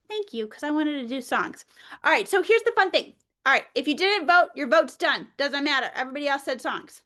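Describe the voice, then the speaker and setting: A woman presenting an early childhood workshop, playful and animated, talking straight to the group like a teacher. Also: sits high, a little fast.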